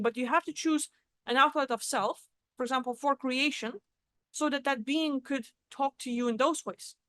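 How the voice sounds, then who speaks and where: A woman with a high voice talks casually and bluntly, dropping swear words as she explains. The sound is close and dry, with no room echo. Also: a bit bright. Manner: casual and blunt, swears freely, acts out quoted reactions. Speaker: spiritual vlogger. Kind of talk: casual teaching monologue.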